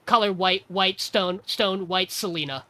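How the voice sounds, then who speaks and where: A man's voice: high voice, measured pace, bright, forceful tone. A man voicing a flippant, foul-mouthed young woman witch while recapping a cartoon.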